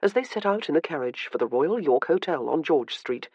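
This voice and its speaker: A woman narrating a historical romance audiobook with measured, even scripted narration. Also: sits low, husky, dry recording, lo-fi sound.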